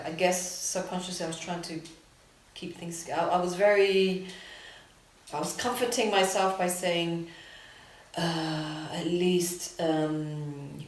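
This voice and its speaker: In a documentary interview recorded on a city street or in a park, a woman raised between England and Japan gives personal testimony about a loss. Her deep voice is halting, full of restarts, and often sinks to near whispers. The recording is reverberant and slightly noisy.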